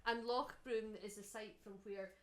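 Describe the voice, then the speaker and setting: A woman with a Scottish Highland accent telling a cheerful story on stage at a live house concert. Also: steady tone, moderate pace. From Scotland. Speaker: harpist telling a story between songs. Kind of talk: onstage anecdote.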